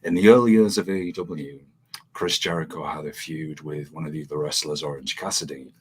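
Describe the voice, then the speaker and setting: A man's voice: extremely low pitch, steady tone, fairly quick, husky. A man hosting a casual chat, rambling with many fillers and frequent laughter. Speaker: podcast host.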